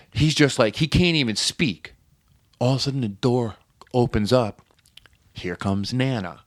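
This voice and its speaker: A man's voice: mid-range voice, moderate pace, long pauses, dry recording, clean studio sound. A man from Connecticut telling a story as a podcast guest in casual, profane chat. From New Haven, Connecticut.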